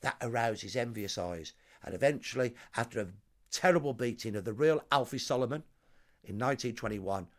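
A man's voice: medium pitch, expressive, fairly quick. A man, a historian guest telling a vivid story with emphatic, dramatic lists. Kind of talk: storytelling explanation.

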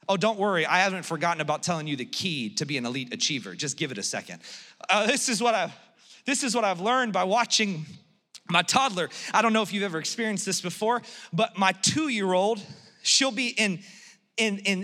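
Pastor guy in his 30s, high bright voice, animated storytelling, big echoey church hall. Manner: animated storytelling, acts out family dialogue. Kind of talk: sermon. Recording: long hall reverb.

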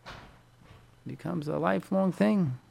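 Gravelly-voiced rabbi giving a sermon. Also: male voice, sits high, takes it slowly, a little mellow, dry recording. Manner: repetitive, storytelling, sprinkled with Yiddish and Hebrew terms.

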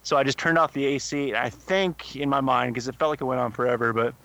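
A man's voice: medium pitch, steady tone, quick pace, pushed and bright, no room sound. A young man co-hosting a podcast, telling a rambling story full of swearing. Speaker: podcast co-host. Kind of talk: casual chat.

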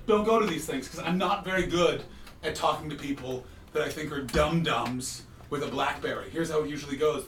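A man hosting a live comedy podcast, telling stories in an animated, joking way, recorded from a distant mic in an echoey room. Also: mid-range voice, fast talker, slight background noise. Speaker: comedian host.

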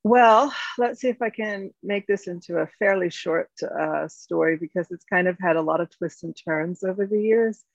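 A woman in her fifties, founder of a company, talking through her story in an interview. She speaks reflectively with many fillers and restarts, her voice carrying a gravelly edge. The recording is dry and a little dull. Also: fairly low pitch, moderate pace, few pauses, no echo. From United States. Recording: dull, slightly lo-fi sound.

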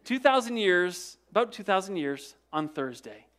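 A pastor preaching a sermon, retelling events dramatically. He repeats words as he goes, asks the congregation rhetorical questions, and swings from loud emphasis to hushed, low passages. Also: sing-song, moderate pace. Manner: dramatic storytelling with frequent word repetitions and restarts.

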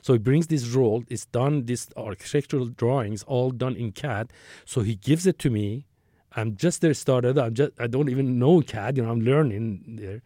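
A man's voice: medium pitch, normal speed, warm tone, no echo, clean studio sound. A man in his sixties telling a long work story as an interview guest, rambling, with restarts and acted-out dialogue. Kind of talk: conversational storytelling.

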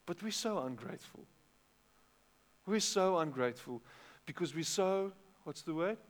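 A middle-aged man with a South African accent preaches in a loose, conversational sermon, often repeating himself. His voice sits somewhat high for a man. The sound rings out with a long reverb, as in a hall. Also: measured pace. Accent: South African English. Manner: conversational, repeats words, animated bursts. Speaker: pastor.

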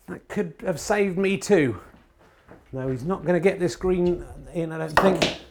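Excitable man doing mock snooker commentary. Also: a little high, a little hiss or hum. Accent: English. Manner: excitable commentating with hesitant ums. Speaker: podcast host and snooker commentator. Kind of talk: comic mock sports commentary.

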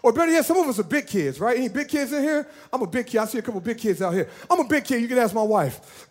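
High-voiced animated male pastor. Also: fast talker, hardly any pauses. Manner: animated, playful, talks to the congregation. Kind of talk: lively sermon. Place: church.

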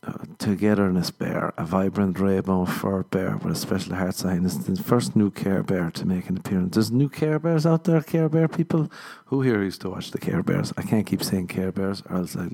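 A man's voice: low voice, little pitch movement, normal speed, creaky, few pauses, mellow, husky. A young man hosting a solo podcast, rambling crudely and laughing at his own jokes. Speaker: podcast host. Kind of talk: casual solo podcast banter.

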